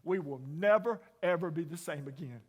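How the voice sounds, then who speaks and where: A middle-aged man preaches by telling a story, his voice pitched fairly high for a man. He slips from hushed asides into loud, ringing emphasis. The sound carries a long reverb from a large chapel hall. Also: normal speed. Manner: folksy, dramatic storyteller, drops to whispers and rises to near shouts. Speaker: chapel speaker. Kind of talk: storytelling sermon.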